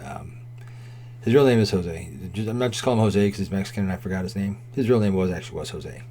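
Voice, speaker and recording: A man's voice: low voice, fast, dark tone, a little hiss or hum. A man in his forties telling a rambling, profanity-laden story in a casual way, with constant "right?" and "like". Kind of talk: casual spoken anecdote.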